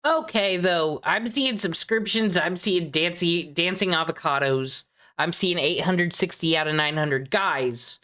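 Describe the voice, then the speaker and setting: Young woman streamer, lowish voice, mocking sarcastic commentary with mock concern. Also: measured pace, a bit bright. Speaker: streamer reacting to videos.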